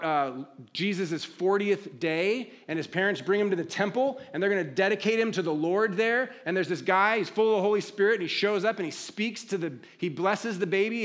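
A man preaching a sermon, conversational, asking rhetorical questions and dropping to a low, quiet voice for emphasis. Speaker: pastor.

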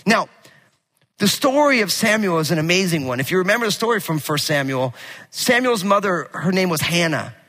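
A male pastor preaching a sermon with animated, casual storytelling and jokes. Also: high-pitched, brisk. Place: church sanctuary. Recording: long hall reverb.

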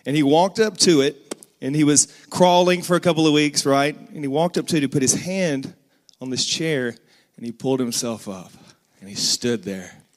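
A man's voice: fairly high pitch, moderate pace. A man in his thirties preaching a sermon, telling a family story earnestly and rising into emphatic bursts.

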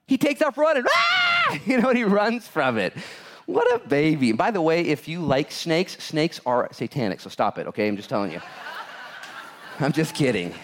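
This man's sermon comes in a fairly high voice at a moderate pace. As a pastor, he spins lively stories full of acted-out character voices and jokes, chuckling at his own humor.

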